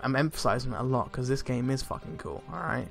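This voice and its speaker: A young man giving casual, excitable gameplay commentary, swearing a lot and laughing often. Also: medium pitch, quick pace, gravelly. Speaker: let's play gamer. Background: faint game music.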